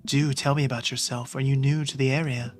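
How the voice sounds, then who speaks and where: A man's voice: medium pitch, level tone, brisk, lightly acted. Pompous, courtly goth dad, read out by a man for a game playthrough. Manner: pompous, elaborately polite. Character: formal, courteous male goth gentleman dad. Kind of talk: video game voice acting, read aloud.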